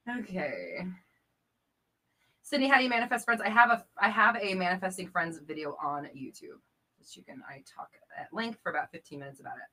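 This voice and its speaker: A woman's voice: medium pitch, expressive, moderate pace, long pauses, pushed and bright. A woman hosting a casual live-stream chat, reading out viewer comments, chatty and playful with frequent laughter. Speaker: host and coach.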